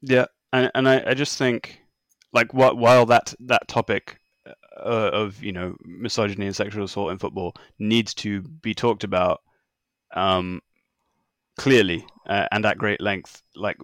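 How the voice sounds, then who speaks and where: A man's voice: on the low side, level tone, a little slow, a bit bright, no room sound, studio quality. A man co-hosting a casual football podcast, talking in an exasperated, rambling, sardonic way. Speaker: podcast co-host.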